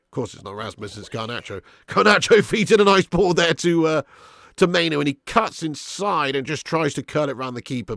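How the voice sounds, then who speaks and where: A young man hosting a live football watch-along, chatting and thanking viewers by name, with sudden bursts of excitement when chances come. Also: fairly high pitch, creaky, dry recording, clean studio sound.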